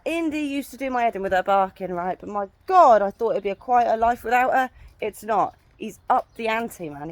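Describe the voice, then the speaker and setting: Blunt, sweary woman ranting outdoors. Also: fairly high pitch. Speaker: vlogger and horse owner. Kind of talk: casual ranting vlog. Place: outdoor horse yard.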